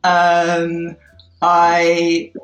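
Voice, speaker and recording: A woman, a doctor, telling a lively anecdote in casual chat, laughing and acting out the voices of the people in it. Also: on the low side, faint music behind. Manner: quick, laughing, acts out quoted voices. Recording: echoey room.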